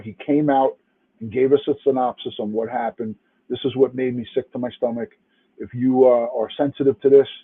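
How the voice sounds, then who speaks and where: A man's voice: mid-range voice, breathy edge. A retired police detective from New York City, angry and emphatic, cursing and restarting as he comments to a live chat. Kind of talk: livestream commentary. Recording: tinny phone-like line.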